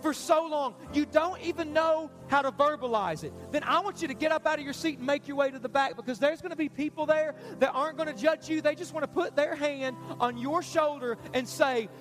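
High-voiced man preaching an altar call. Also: brisk, few pauses, a bit bright, soft background music. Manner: urgent, repetitive, pleading preaching. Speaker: pastor. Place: church stage.

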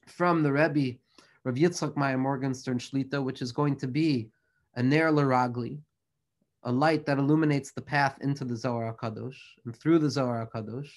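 A Torah teacher gives an earnest religious lecture in long, flowing phrases, mixing Hebrew and Yiddish terms into his English. His voice is somewhat high for a man.

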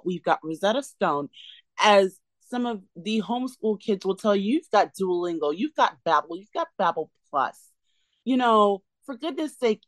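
A woman's voice: mid-range voice, dry recording. A woman co-hosting a podcast, ranting sarcastically and emphatically in a casual recap chat. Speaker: podcast co-host.

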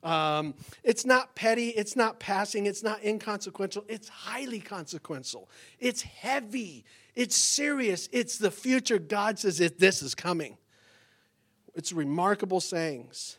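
Male pastor, high voice, animated sermon delivery, bursts of exclamation, acts out small exchanges. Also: unhurried. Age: adult parent.

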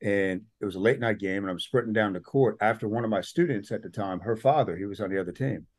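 A podcast guest with a low voice tells a story fast in a casual interview, animated and acting out quotes. There is no room sound.

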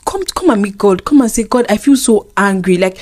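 A woman's voice: mid-range voice, expressive, a little mellow. A woman co-hosting a casual faith chat, earnest and teasing. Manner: earnest, teasing, quick laughs. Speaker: co-host.

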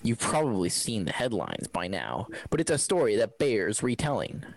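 A man's voice: fairly low pitch, wildly swooping pitch, moderate pace, gravelly. A man reading a news story aloud over a video call, joking as he goes in a casual comedic chat. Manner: joking, reads aloud with playful voices.

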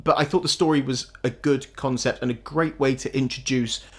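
An opinionated man talks through a film in a casual chat, speaking at an ordinary pitch for a man. He states his dislikes bluntly, and he often stumbles and restarts his sentences with a short laugh. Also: fairly even intonation, fairly quick, fairly bright tone. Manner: opinionated, with frequent restarts and chuckles. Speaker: podcast co-host.

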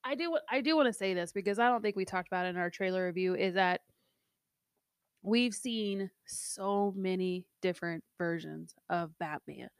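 A woman's voice: lowish voice, normal speed, clear, resonant tone, no room sound, studio quality. A woman co-hosting a podcast, talking in a chatty, rambling way with lots of fillers. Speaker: podcast co-host. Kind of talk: casual chat.

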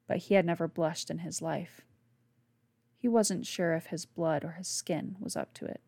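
Woman reading her book out loud, hushed, kinda low and gravelly. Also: normal speed, no echo. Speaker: author reading her novel. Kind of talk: scripted narration.

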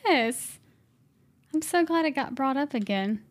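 A woman's voice: high-pitched, animated, unhurried. A woman co-hosting a podcast in casual chat, enthusiastic and giggly, now and then quoting movie lines. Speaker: podcast co-host.

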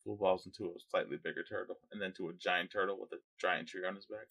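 A young man with a low-set but bright, forceful voice, riffing casually as a podcast co-host. His talk is loose, joking and full of profanity. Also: fairly even intonation, fast talker, vocal fry.

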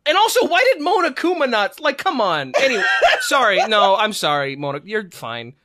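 A man's voice: high-pitched, wildly swooping pitch, moderate pace, noisy background. A man hosting a podcast in casual chat, rambling and cursing in frustration. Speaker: podcast host.

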